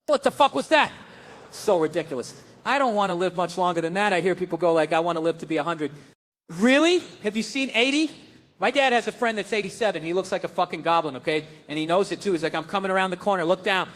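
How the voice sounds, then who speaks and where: A man's voice: sits high, quick pace, fairly bright tone. A man doing a stand-up comedy set, grumbling sardonic rants and acting out other people's voices.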